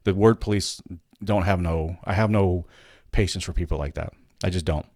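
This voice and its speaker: Low-voiced man ranting casually. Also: moderate pace, darkish tone, no echo, studio quality. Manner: rambling, profane, frequent restarts. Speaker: host of a weekly gaming news show. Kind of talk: casual solo commentary.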